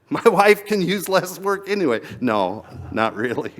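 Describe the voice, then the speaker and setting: Male pastor, sermon, chatty delivery, chuckles, slightly high voice. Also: very animated, slow, fairly bright tone. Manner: conversational, chuckles and repeats words.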